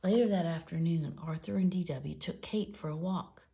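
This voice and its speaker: A woman reading a children's picture book aloud in a gentle storytelling way. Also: on the low side, moderate pace, gravelly, very noisy. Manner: gentle storytelling with lively dialogue voices. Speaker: reader.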